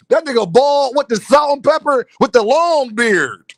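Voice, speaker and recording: A man's voice: extremely high pitch, expressive, a little slow, gravelly, no room sound. A man hosting a livestream, teasing and trash-talking chat members with frequent laughter. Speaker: livestream host. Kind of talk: casual livestream banter.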